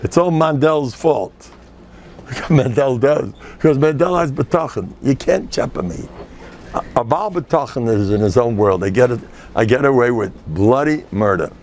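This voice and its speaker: An older rabbi lecturing a room full of listeners. His voice is gravelly and creaky, and his pitch leaps around a lot. He keeps joking and telling stories, putting on voices for the people in them. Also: lively intonation, moderate pace, a little mellow, slight background noise. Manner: joking, storytelling, acts out quoted people. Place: room with a live audience.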